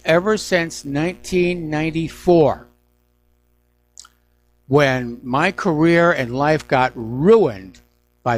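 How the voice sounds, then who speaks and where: A middle-aged man hosting a news talk radio show, giving emphatic, indignant opinions on the day's stories. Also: on the high side.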